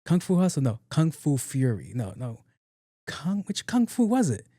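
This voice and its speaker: A young adult man hosts his own podcast, delivering a casual solo monologue of funny stories in a joking way and acting out both sides of each conversation. His voice is a little high and mellow, with wildly swooping pitch and a moderate pace, recorded in clean studio sound with no echo.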